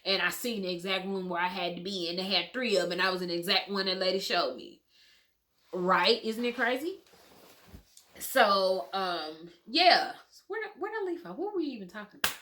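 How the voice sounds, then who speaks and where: Candid woman with a bright, forceful voice. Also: medium pitch, animated, normal speed, slight background noise. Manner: emotional, candid, swears freely, addresses viewers as y'all. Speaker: vlogger telling her birth story. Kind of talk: casual storytime.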